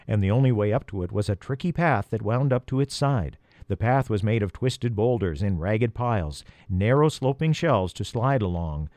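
A man reading a children's storybook aloud as narrator, dramatic and slowing down for tense moments. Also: fairly low pitch, mellow, no room sound. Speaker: audiobook reader.

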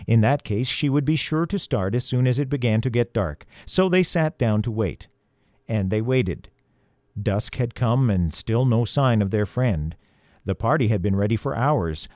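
A man reading a chapter of a children's storybook aloud, expressive and gently paced. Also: mid-range voice, moderate pace, no room sound, clean studio sound. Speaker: audiobook reader.

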